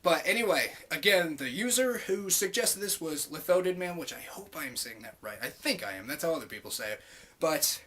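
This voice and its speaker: A young man in his twenties telling a story casually to camera, swearing freely and acting out people's lines loudly. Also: a little high, brisk. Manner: profane, animated, acts out quoted voices loudly. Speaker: vlogger.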